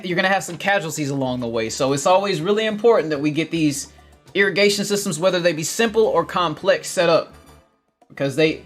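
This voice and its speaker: A man hosting a casual gardening livestream, reading viewer comments with energetic, upbeat chatter, often laughing and calling his viewers family. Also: a little high.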